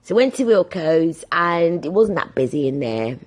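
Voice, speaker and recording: A woman's voice: on the low side, normal speed. A woman in her thirties hosting a podcast, telling casual stories and acting out the people in them. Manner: animated, acts out voices in her anecdotes. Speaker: podcast host. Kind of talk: casual storytelling monologue.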